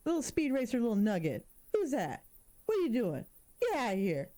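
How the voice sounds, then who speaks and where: A woman in her thirties gives casual let's-play commentary as a gaming streamer, animated and jokey, and she gets spooked easily. Her voice is a little high and she talks fairly quickly.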